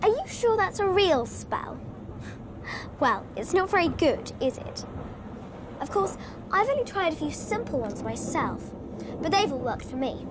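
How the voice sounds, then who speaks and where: A woman's voice: very high voice, sing-song, full character voice. An actress playing a prim, bossy know-it-all schoolgirl in a film clip with background noise. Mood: condescending. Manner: prim, precise and brisk.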